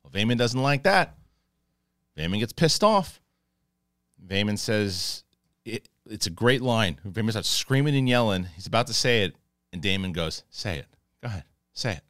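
Male host, low voice, dry close sound; casual, profane, excitable recap of a TV episode. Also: moderate pace, no room sound. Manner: profane, excitable retelling with acted-out quotes. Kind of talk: casual spoken TV episode review.

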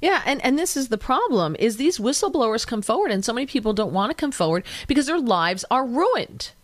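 A woman guest-hosting a talk radio show, giving animated, indignant commentary in fast bursts. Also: on the high side, dry recording.

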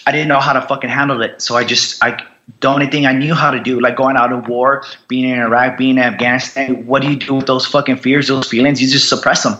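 Talking quickly in a bright, forceful, level mid-range voice, a man who served in war candidly recounts his recovery as a guest. His storytelling is blunt and full of swearing and repetition for emphasis, captured in lo-fi sound.

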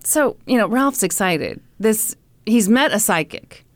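Lively podcast woman spinning a story, dry close sound, bit high voice. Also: no room sound. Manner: playful, teasing, dramatic pauses. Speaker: podcast co-host. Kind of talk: comedic storytelling.

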